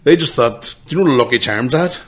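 A man's voice: mid-range voice, expressive, fast talker, fairly bright tone, husky. A man, hosting a podcast and telling rambling, swearing stories between bursts of laughter. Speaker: podcast host. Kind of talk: casual chat.

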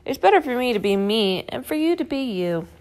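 A woman's voice: on the high side, big pitch swings, a little fast, darkish tone, pitched above the performer's own voice. A woman doing Bert, an earnest fussy puppet. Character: fussy serious puppet friend, young male.

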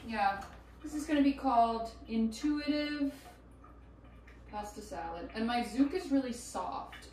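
A woman chatting while she cooks at home, rambling and excitable, swearing casually and laughing as she goes. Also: medium pitch, slight background noise. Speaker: vlogger. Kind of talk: casual cooking vlog chat. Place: home kitchen. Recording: echoey room, voice a bit far from mic.

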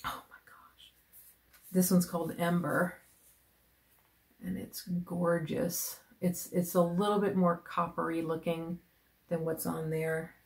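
A woman vlogger chatting casually as she unboxes gifts on camera, gushing and often dropping into breathy whispers of delight, rambling with restarts. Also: on the low side, little pitch movement, a little slow, a little mellow. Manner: rambling with many restarts and fillers. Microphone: camera mic.

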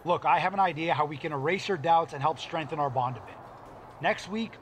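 An actor playing a smooth, persuasive male wrestling manager in a video game. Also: fairly high pitch, a little fast, slight background noise, lightly acted. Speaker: game character.

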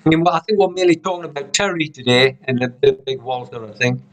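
A man's voice: mid-range voice, fast. Rambling man teaching harmonica online. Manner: rambling, many "you know"s and restarts. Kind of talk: casual online lesson. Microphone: video call computer mic.

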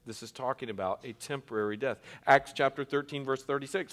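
A man's voice: mid-range voice, a bit bright. Earnest man teaching a sermon. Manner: earnest, emphatic, with frequent restarts and slowed stresses. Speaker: pastor teaching a Bible class. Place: church.

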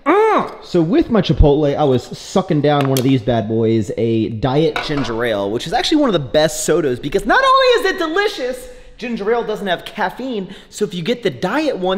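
Young male vlogger, jokey and animated, lively pitch, faint noise in the recording. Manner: animated, joking, swings between loud excitement and low mutters. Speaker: fitness vlogger. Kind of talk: casual vlog to camera.

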